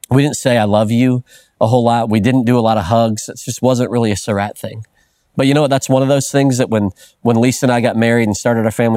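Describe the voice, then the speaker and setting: A man's voice: medium pitch, darkish tone, no echo, clean studio sound. A middle-aged man preaching a sermon in an earnest, conversational way, often restarting phrases and adding "man" as a filler. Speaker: pastor.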